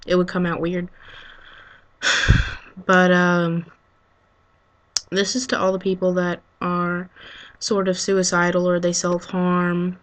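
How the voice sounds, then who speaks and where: Flat-voiced woman sighing through a webcam vlog. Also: fairly low pitch. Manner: halting and emotional, full of ums and you-knows. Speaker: vlogger. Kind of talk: unscripted heartfelt monologue to camera. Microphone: built-in webcam mic.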